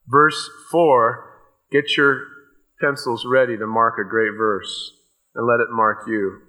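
A man preaching a sermon. He reads scripture slowly and with rising emphasis, rushes through quick asides, and drops to a hush on personal points. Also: medium pitch, fairly even intonation, poor audio. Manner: swings from slow, loud emphatic reading of scripture to quick asides.

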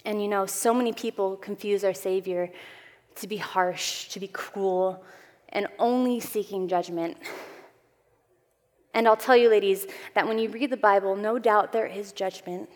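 A woman's voice: medium pitch, a little slow. Earnest woman preaching in a reverberant hall. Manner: earnest, expressive preaching with emphatic swells and soft drops. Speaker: Bible teacher at a women's gathering. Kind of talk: sermon.

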